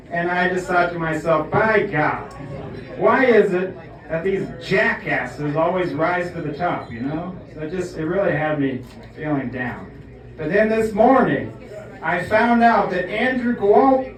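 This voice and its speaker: A man telling a comic story with mock earnestness, often tagging lines with "okay?". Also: high voice. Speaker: comedian. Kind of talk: comedic storytelling monologue. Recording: echoey room, far from the mic.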